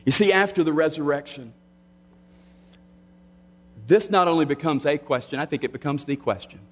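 A middle-aged man preaching a sermon with earnest delivery, slowing down and dropping quiet on key lines. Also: fairly high pitch. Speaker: pastor.

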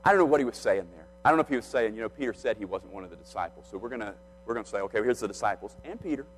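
A man's voice: lowish voice, racing, faint music behind, poor audio. A man preaching a sermon, retelling a scripture story and acting out the speakers' quoted lines.

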